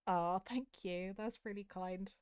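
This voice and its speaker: A young woman from the south of the UK with a Southern English accent, chatting openly with her stream viewers in a soft, candid, self-critical way with hesitant restarts. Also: medium pitch, slow, clear, resonant tone, no echo, studio quality. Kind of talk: casual chat with stream viewers.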